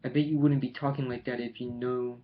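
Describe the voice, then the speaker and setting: A man voicing a bitter, sullen young male prisoner in an audiobook reading, with flat, mumbled taunts and a dull, lo-fi sound. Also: medium pitch, a little fast, natural voice. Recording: dull lo-fi home recording with faint hiss.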